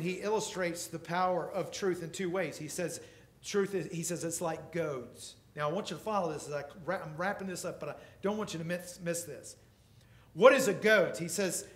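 Emphatic male preacher, echoey church. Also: fairly high pitch. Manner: emphatic preaching, swings between loud and soft. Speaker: pastor. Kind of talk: sermon.

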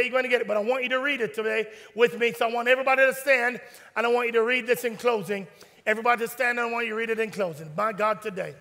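High, bright-voiced preacher man. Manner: preaching, leads the congregation in responsive prayer. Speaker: pastor. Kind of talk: sermon. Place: church sanctuary. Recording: long hall reverb with faint music behind.

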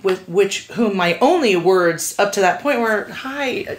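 A middle-aged woman on a podcast, telling an anecdote with lively voiced-out quotes as the interview guest. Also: measured pace. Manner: acts out quoted voices, swings pitch widely.

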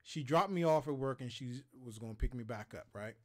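On a casual gaming livestream, a Maryland man in his thirties spins profane, animated stories, voicing the other people's lines himself. His pitch is medium and his pace fairly quick; he co-hosts the gaming talk show.

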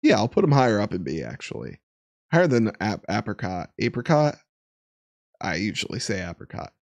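Young male streamer, casual and animated, lively intonation, dry close-miked sound. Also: lowish voice, a little fast, creaky, no echo. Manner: chatty and laughing, animated, reading chat aloud. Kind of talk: casual live-stream chat.

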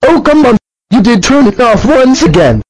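A man's voice: extremely high pitch, big pitch swings, moderate pace, no echo, exaggerated voice, rough recording. A man voicing an angry male purple dinosaur who scolds and keeps repeating threats. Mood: scolding.

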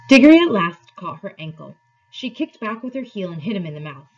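A woman teacher reading a novel aloud to her class in an expressive, measured way. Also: mid-range voice, husky, lo-fi sound.

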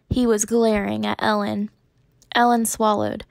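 A woman's voice: mid-range voice, fairly even intonation, a little slow, gravelly, no room sound. A woman teacher reading a chapter book aloud to her class, giving the characters light voice shifts. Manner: gives the characters small voice shifts, mostly in her own voice. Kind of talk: read-aloud storytelling.

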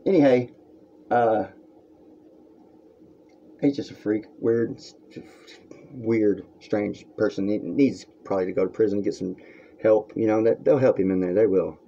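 On a dull lo-fi recording from a room at home, a vlogger delivers a crude, rambling, heated rant straight to camera. His voice is fairly low, gravelly and dark, and he speaks at a measured pace, pausing often.

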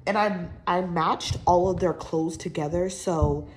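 A young woman sounding slightly congested walks through her shopping haul in a relaxed home vlog, rambling and chatting with lots of filler words. She speaks a little slowly in a lowish voice with fairly even intonation, and the recording is noisy.

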